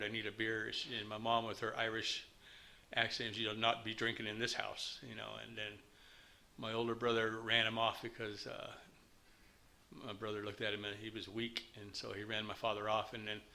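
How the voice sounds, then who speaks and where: A man's voice: on the low side, pushed and bright. Candid man telling his story. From United States. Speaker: speaker at a recovery meeting. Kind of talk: personal recovery testimony.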